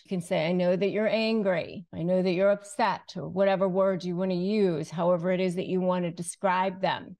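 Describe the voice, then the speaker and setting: A woman teaches viewers in a direct-to-camera advice lesson, with a faintly gravelly edge to her mid-pitched voice. She talks calmly and deliberately, stretching out phrases she wants to land. She sounds steady and sure of herself. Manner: calm, deliberate, often slows to stress phrases. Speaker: host, negotiation and relationship coach.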